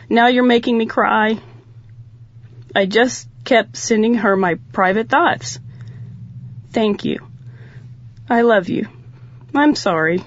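Expressive woman reading a personal story. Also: no echo. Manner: expressive, dramatic pitch swings. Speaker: reader of a personal testimonial. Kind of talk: first-person story read aloud. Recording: dull lo-fi, dry sound.

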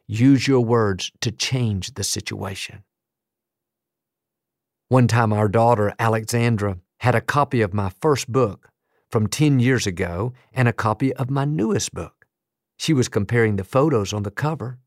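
A man's voice: mid-range voice, a little slow, no echo, studio quality. A man preaching a sermon as pastor, emphatic and building rhythmic lists of declarations.

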